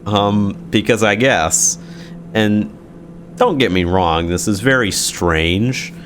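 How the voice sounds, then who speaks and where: A man's voice: on the low side, slow pace, a bit bright, slight background noise. A young man casually telling a story from his school days, sarcastic, swearing freely and laughing often.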